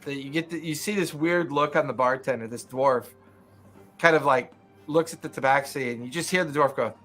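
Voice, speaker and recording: A man's voice: mid-range voice, brisk, a bit bright. A man narrating as game master in casual, rambling style, with faint music behind.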